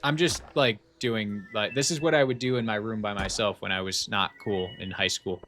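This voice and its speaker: A man's voice: on the low side, moderate pace, fairly bright tone, a little hiss or hum. A man streaming a farming game, chatting casually and jokingly with viewers in a rambling way full of fillers and restarts. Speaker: livestreamer. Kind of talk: casual livestream chat.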